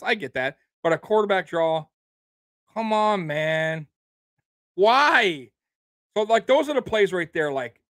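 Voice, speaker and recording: A man ranting about his team with a high, lively voice that swings widely in pitch. His delivery is heated and profane, breaking into disbelieving laughter. The sound is dry and close, with no room echo. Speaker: sports podcast host. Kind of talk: casual ranting commentary.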